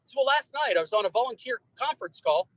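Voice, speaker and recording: A man running for office, answering an interviewer's closing question in a folksy, emphatic way with lively anecdotes. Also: very high-pitched, quick pace, low-quality recording. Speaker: political candidate.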